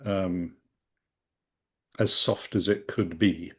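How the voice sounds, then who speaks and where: A man's voice: low voice, fairly even intonation, slow, slightly rough. A man on a group video call describing his experience, hesitant and searching for words. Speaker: call participant. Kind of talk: casual sharing on a group call.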